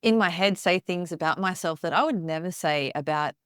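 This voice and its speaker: A woman's voice: on the low side, fairly quick, clean tone, no echo, studio quality. A woman speaking as a podcast guest, thoughtful and reflective. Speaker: podcast guest, yoga practitioner. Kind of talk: conversational interview.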